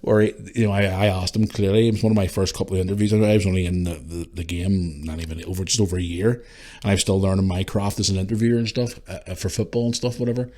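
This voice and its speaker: Tearful Northern Irish man, lowish voice. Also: flat delivery, warm tone. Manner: tearful, emotional, swearing, halting restarts. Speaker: podcast host. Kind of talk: emotional tribute monologue.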